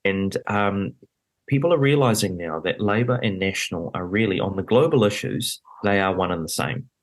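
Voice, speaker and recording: A man's voice: deep voice, expressive, normal speed. A man chatting as a podcast guest about politics, rambling along with lots of fillers and then pressing his points with emphasis. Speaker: podcast guest and election candidate. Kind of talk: casual political conversation.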